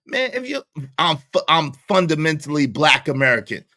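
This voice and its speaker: A man hosting a live stream, giving loud, animated commentary full of slang and frequent laughter. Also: high voice, moderate pace. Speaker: livestream host.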